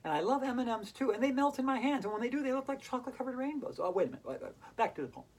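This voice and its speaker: A woman's voice: high voice, expressive, very fast, darkish tone, slight background noise, low-quality recording. A woman leading a playful hula hoop yoga class for kids, talking in a silly, enthusiastic, sing-song way. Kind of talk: playful instructional talk for kids.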